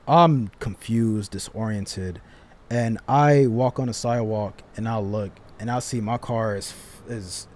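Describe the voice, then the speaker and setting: A young man casually telling a personal story, animated and slangy, with frequent restarts and asides. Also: mid-range voice.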